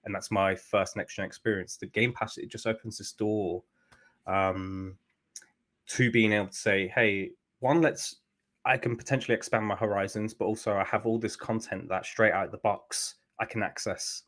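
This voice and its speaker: A man with a fairly low voice, talking things through on a podcast. He explains in a calm, agreeable way and keeps an easy, even pace. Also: moderate pace. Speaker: podcast co-host. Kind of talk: casual chat.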